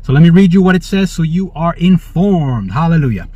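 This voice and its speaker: A man's voice: a little high, animated, brisk, mellow, breathy edge. A man hosting prophetic religious commentary. He reads the news aloud, cuts in with praise, and keeps checking in with listeners. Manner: jubilant, interjects praise and frequent "all right?". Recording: dull, dry lo-fi recording.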